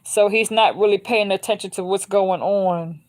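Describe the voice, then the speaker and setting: A woman's voice: mid-range voice, steady tone, moderate pace. A woman giving a casual spiritual tarot reading, informal and emphatic, repeating her points. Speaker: tarot reader.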